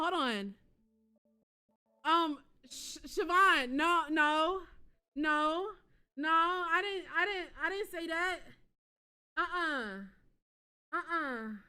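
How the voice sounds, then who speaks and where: A young woman hosting a live stream, chatting casually with her viewers and breaking into excited shrieks and giggles. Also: high voice. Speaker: livestream host.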